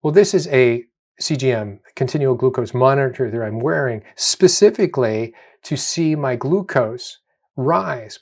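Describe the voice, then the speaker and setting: A middle-aged man, a doctor, giving a spoken health lecture, emphatic and repeating key phrases for stress. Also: medium pitch. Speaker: doctor presenting a health video.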